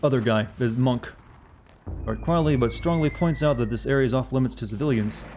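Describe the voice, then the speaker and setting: A man's voice: mid-range voice, fairly quick, darkish tone, slight background noise. Man reading game text on a stream. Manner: reads on-screen game text aloud between joking asides; casual chat with viewers. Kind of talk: live-streamed gameplay commentary.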